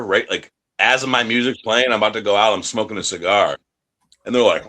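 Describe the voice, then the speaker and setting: Brief: man from the United States, mid-pitched, swears constantly, boastful storyteller, wrestler guest. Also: animated, brisk, pushed and bright. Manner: profane, brash and boastful, acts out voices in his stories. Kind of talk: casual interview talk.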